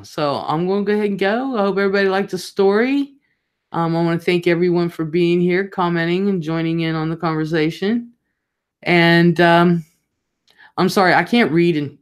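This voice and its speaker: Chatty woman hosting a livestream. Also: low-pitched. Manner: rambling, chatty, talks straight to viewers. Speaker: livestream host. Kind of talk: casual livestream chat.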